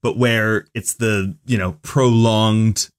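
A man hosting a podcast in casual chat, leading the talk with a halting, drawn-out delivery. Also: on the low side, fairly even intonation, clear, resonant tone. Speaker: podcast host.

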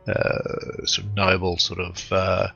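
A man playing a tabletop game, talking haltingly with many fillers. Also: low-pitched, monotone, vocal fry, sharp tone, faint music behind. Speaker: player. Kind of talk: casual tabletop play. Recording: dull lo-fi recording.

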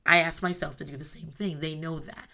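A woman's voice: low voice, steady tone, a little fast, vocal fry, bright, forceful tone. A mother in her thirties talking candidly about parenting, blunt and emphatic, swearing freely. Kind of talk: casual monologue.

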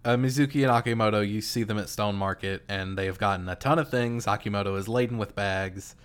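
A man in casual chat recapping a video game, relaxed and jokey. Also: lowish voice, fast, clean tone.

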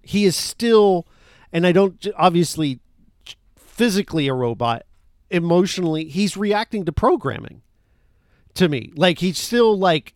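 A man chatting casually about a film, rambling and full of fillers. His voice sits a little high and sounds dry and close, with no room behind it. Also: lively intonation, a little slow, dry recording. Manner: rambling, enthusiastic, many fillers. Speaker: podcast co-host.

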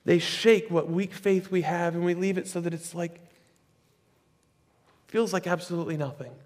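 A male pastor with a high-pitched voice preaches in a lively, conversational way, breaking off into casual asides. His voice carries through a large hall with a long reverb tail. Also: normal speed. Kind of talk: sermon.

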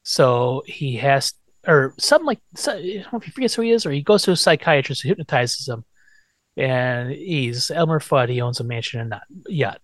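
A man hosts a podcast in casual chat, retelling a TV episode with plenty of swearing and quick playful put-on quotes. His voice sits at an ordinary middle pitch. The sound is dry and close. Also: lively intonation, dry recording. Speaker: podcast host.

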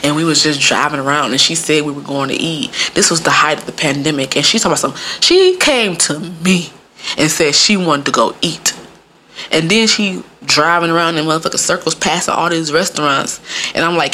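A woman telling frank, profane stories in casual chat, full of fillers and sudden jumps in pitch. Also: animated, fairly quick, pushed and bright, slight background noise. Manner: frank and profane, many fillers like "like" and "you know". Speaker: podcast guest or co-host.

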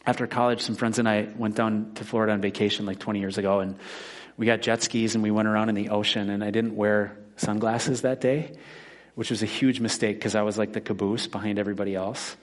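A man's voice: lowish voice, flat delivery, a little fast. A man in his forties, a pastor giving a conversational sermon that mixes scripture with personal stories. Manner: conversational preaching with personal anecdotes.

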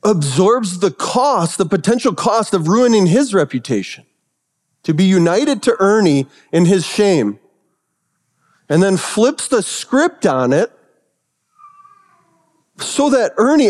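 A male pastor preaching a sermon, telling stories that swing from hushed, reverent passages to excited retellings. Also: sits high, unhurried, long reverb tail.

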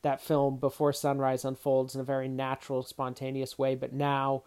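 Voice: medium pitch, completely flat delivery, moderate pace, a little mellow, clean tone. A film reviewer talking casually through a movie's story, reflective and thinking aloud with occasional restarts. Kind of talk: casual spoken film commentary.

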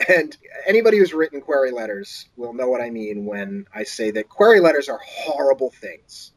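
An author from the Boston area, guesting on an interview podcast, tells a story casually and with animation, raising his pitch to act out other people's lines. His voice is creaky and at normal speed, and the audio is poor.

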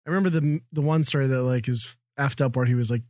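A man's voice: mid-range voice, fast, dry recording, clean studio sound. A man co-hosting a podcast in casual chat, blunt and swearing freely. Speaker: podcast co-host.

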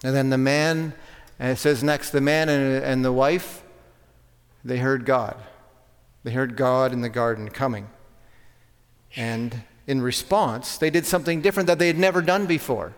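A man's voice: mid-range voice, moderate pace, clear, resonant tone. A man preaching a sermon, conversational, with self-corrections and rhetorical questions. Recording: long hall reverb.

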